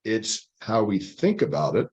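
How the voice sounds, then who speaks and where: Measured older male podcast host. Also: fairly low pitch, wildly swooping pitch, darkish tone. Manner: measured, sums up and draws lessons. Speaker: podcast host, the guest's father. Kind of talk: reflective podcast conversation.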